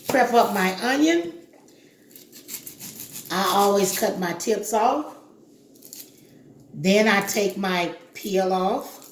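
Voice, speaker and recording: Woman, cooking demo host, instructive chat, faint background hum, echoey room. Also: mid-range voice. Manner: chatty and instructive, talks straight to the viewer. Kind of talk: casual cooking demonstration.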